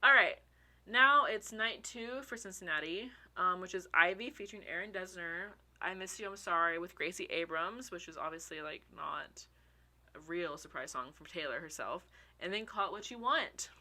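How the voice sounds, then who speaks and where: A young woman in casual vlog commentary, excitable and gushing, swearing casually and a little out of breath. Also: fairly low pitch, moderate pace. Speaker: fan ranking songs.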